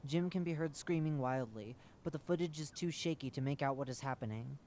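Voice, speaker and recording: A man giving a measured, matter-of-fact scripted narration of a horror wiki entry. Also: medium pitch, darkish tone, slight background noise.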